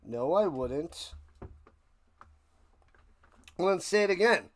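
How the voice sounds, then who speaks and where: A man hosting a live football reaction stream, ranting sarcastically and calling plays, swinging between muttering and loud outbursts. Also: sits high, animated, slow. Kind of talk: live sports reaction and play-by-play.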